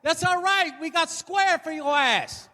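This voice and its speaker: A man's voice: very high voice, unhurried, bright, forceful tone, voice pushed up, exaggerated voice. A man voicing a pushy, streetwise young girl who sells cookies, with brash, slangy sales talk. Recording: long hall reverb.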